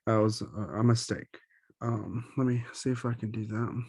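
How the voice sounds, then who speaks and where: A man's voice: fairly low pitch, fairly even intonation, moderate pace, a little mellow, husky, no echo, studio quality. A man teaching Spanish grammar in an online lesson, explaining slides with many ums and self-corrections.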